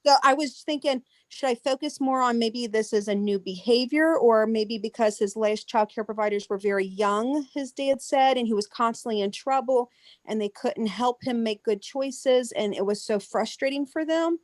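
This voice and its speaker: A woman's voice: fairly high pitch, moderate pace, a little mellow, no room sound. A woman child care teacher asking a question on a webinar, hesitant and searching for words. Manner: hesitant, searching, with many restarts.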